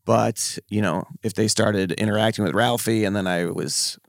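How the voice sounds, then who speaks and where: A man's voice: fairly low pitch, steady tone, normal speed, gravelly, no room sound. A man co-hosting a podcast in casual chat, making dry, teasing jokes. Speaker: podcast co-host.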